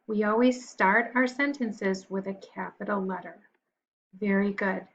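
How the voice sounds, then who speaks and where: A woman teacher giving a recorded lesson to young children, patient and encouraging, pausing for answers. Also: mid-range voice, muffled recording, slight background noise.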